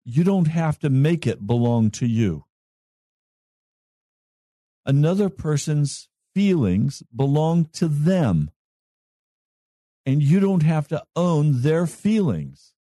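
Pastor, male, slightly high voice, measured sermon delivery with pauses. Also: big pitch swings, mellow, no room sound, studio quality. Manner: slow, measured preaching with long pauses.

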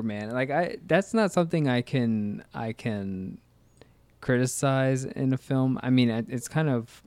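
A man in the middle of an easygoing movie commentary chat, his voice sitting at an ordinary pitch. He wanders through his thoughts with frequent fillers, pauses and restarts. The sound is close and dry, with no room echo. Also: a little mellow, smooth. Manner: rambling, hesitant, lots of fillers and restarts. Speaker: podcast co-host.

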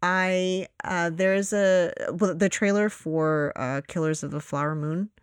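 A podcast co-host in casual chat, rambling and acting out their own reactions in quick quoted asides. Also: mid-range voice, fairly even intonation, clean tone, dry recording, studio quality.

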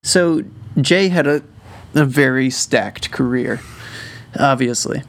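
A young man from Minnesota, co-hosting a podcast in casual chat and pitching ideas in a laid-back way. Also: slow. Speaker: podcast co-host.

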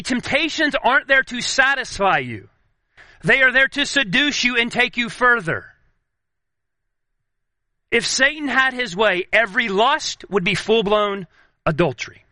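A man preaching a sermon as pastor, earnest, slowing down and dropping his voice low for emphasis. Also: pushed and bright, no echo.

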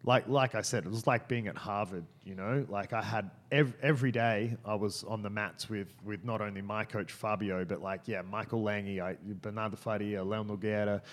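A man's voice: on the low side, fairly even intonation, normal speed, hardly any pauses. A man telling a story in casual podcast chat, rambling with many fillers and restarts.

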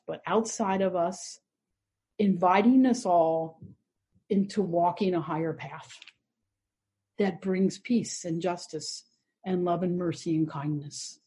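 A woman's voice: on the low side, dark tone, breathy edge. A woman in her sixties, an Episcopal priest, telling a personal story in an interview with a reflective, earnest manner and a light sense of humor.

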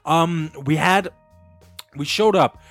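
A man's voice: on the high side, slow, a bit bright, no echo, soft background music. A man hosting a casual podcast, telling a long story with laughs and acted-out quotes. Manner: rambling, laughing, acts out quotes. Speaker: podcast host.

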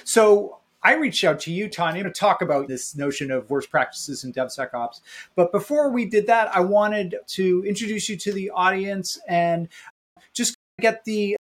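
A man's voice: sits high, animated, normal speed. A man hosts a podcast interview, easygoing and conversational. He introduces his guest and adds dry little asides. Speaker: podcast host. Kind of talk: interview hosting.

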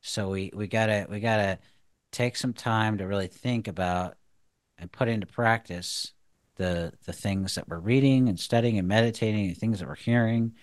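A deep-voiced man co-hosts a faith talk show on marriage. He sounds earnest and a touch preachy, with lots of restarts and "you know." The sound is dry and close. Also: normal speed, no room sound. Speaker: podcast co-host.

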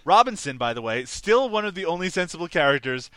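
A man chats casually on a movie podcast, walking through scenes and laughing often. His voice is bright and a little high, with lively swings in pitch. The sound is dry and close. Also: fast, clean tone, no echo. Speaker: podcast co-host. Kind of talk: casual movie-review chat.

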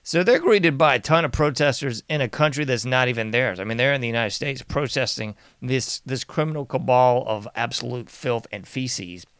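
A man's voice: mid-range voice, normal speed, few pauses, a bit bright, clean tone. A male commentary host talks with sarcastic, mocking energy. He often laughs and slips into sing-song refrains. The sound is dry, with no room echo. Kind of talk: casual political commentary.

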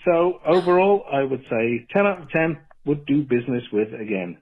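Deadpan English caller on a phone line. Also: male voice, a little high, moderate pace, slightly rough. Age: 40s. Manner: dry, deadpan humor. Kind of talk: phoned-in voicemail story.

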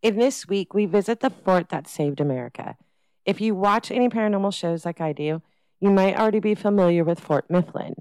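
Woman, podcast host, warm low voice, smooth and clean, dry close sound. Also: expressive, brisk, dry recording, poor audio. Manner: reads a prepared script. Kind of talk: scripted podcast intro.

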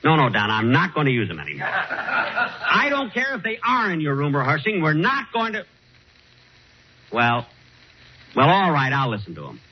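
Man, radio comic, indignant straight man, swooping pitch, old hissy broadcast sound. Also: huge pitch swings, normal speed, long pauses. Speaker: comedy show host. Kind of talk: 1940s radio comedy acting. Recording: hissy dull vintage radio recording.

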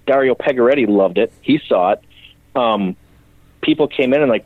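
In a candid podcast interview, a man who builds custom bikes recounts his story with blunt emotion and plenty of swearing. He speaks in a mid-range voice at a moderate pace, over dry, phone-like remote audio with no room sound.

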